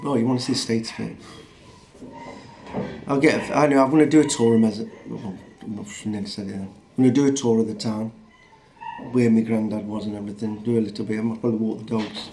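A middle-aged vlogger from Northern England rambles bluntly and casually, swearing freely, from his rural home in a small town. His Northern English accent comes through in a fairly low, darkish voice, with slight background noise in the clip.

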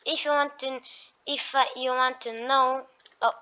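Excitable woman narrating gameplay, dull mic. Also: sits high, a little slow, smooth. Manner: excitable, with sudden shrieks of alarm; talks to enemies as she plays. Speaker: gaming YouTuber. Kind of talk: let's-play gameplay commentary.

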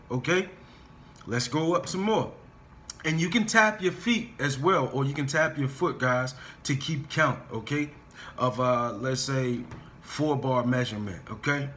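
A man with a mid-range voice leads a singing lesson, guiding students through warm-up scales and encouraging them. He restarts and stammers as he explains, often pausing to repeat himself and tossing in "okay?" and "guys." A little hiss or hum is audible.

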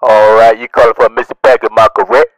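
A man playing a bumbling male phone support agent who talks loudly, stammers and repeats himself. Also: lowish voice, little pitch movement, rapid-fire, no room sound, pitched below the performer's own voice, lightly acted, low-quality recording. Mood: mumbling. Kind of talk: comedy sketch.

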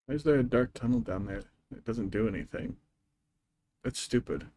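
A young man in the middle of a casual game stream, his voice sitting right at an ordinary middle pitch. He talks to his viewers in a loose, wry way, poking fun at the game and at himself as he plays. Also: moderate pace, warm tone, a little hiss or hum. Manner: wry, self-mocking asides to chat. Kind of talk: casual gameplay commentary.

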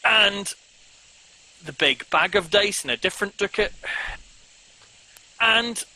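A man's voice: high-pitched, expressive, slow, bright, forceful tone, poor audio. A man chatting casually as a guest, rambling with lots of "um"s and self-mocking jokes. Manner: rambling, frequent ums, self-mocking humor. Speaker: podcast guest. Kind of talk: casual video-call chat.

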